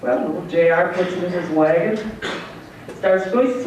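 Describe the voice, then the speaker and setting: A woman's voice: on the low side, fairly quick, a little mellow, slight background noise. A woman giving an award acceptance speech, telling a folksy joke and laughing at her own punchlines. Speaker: award recipient giving thanks. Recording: echoey hall, distant mic, dull sound.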